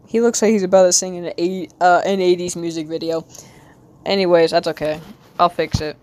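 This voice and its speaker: An American woman with a light Southern accent, rambling casually to her stream while she draws, talking to herself with quick bursts of excitement. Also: on the low side. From United States. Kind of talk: casual live-stream chat while drawing.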